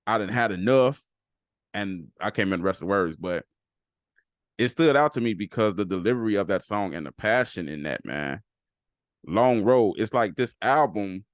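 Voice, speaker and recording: A man's voice: on the low side, no room sound, clean studio sound. A man hosting a casual solo podcast, talking loosely and repeating phrases for emphasis. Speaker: podcast host.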